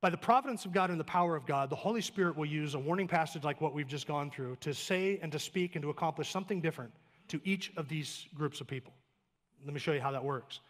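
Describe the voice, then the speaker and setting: A man's voice: on the high side, fast talker, a bit bright, in a large hall. A man preaching a sermon as pastor, emphatic, stacking short clauses, with plain conversational asides and light humor. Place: church sanctuary.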